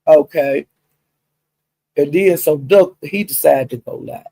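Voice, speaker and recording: A man with an extremely gravelly, husky voice tells gossip in a loose, profane way. His tone is dark and mellow, and the pitch sits a little high for a man. He is recorded dry and close. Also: slow pace, no room sound, low-quality recording. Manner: profane, animated, talks directly to listeners. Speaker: storyteller recapping a livestream. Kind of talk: casual gossip storytelling.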